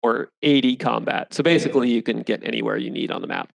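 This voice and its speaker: Gravelly game master man. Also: mid-range voice, low-quality recording. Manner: affirming with quick yeps. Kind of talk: narrating a tabletop game.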